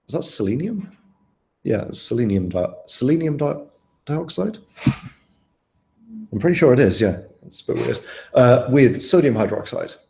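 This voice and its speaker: A young man tutors students through an exam paper in an easygoing, chatty way, often turning questions back to them. His voice is mellow and of middle pitch. The sound is roomy and echoey. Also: creaky. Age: young adult. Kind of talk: live online tutoring session.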